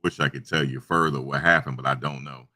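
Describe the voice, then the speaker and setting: Very deep-voiced man rambling casually. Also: fairly even intonation, a little fast, sharp tone. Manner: rambling storytelling with many restarts. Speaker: channel host. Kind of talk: casual live-stream chat. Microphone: desktop USB microphone.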